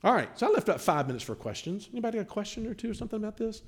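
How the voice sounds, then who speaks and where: Male pastor, teaching a class. Animated delivery, lively and on the high side. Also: rapid-fire. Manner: animated, acts out quoted dialogue.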